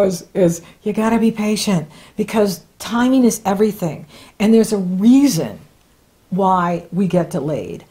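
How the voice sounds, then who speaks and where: A woman giving a casual spoken horoscope reading as an astrologer, chatty and encouraging, often laughing between points. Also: medium pitch. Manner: warm, encouraging advice-giving.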